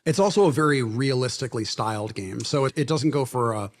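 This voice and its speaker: A man's voice: mid-range voice, fairly quick. Laid-back man explaining game design. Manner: relaxed, explanatory, laughs often. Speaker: game director, interview guest. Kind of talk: conversational interview. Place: university library event.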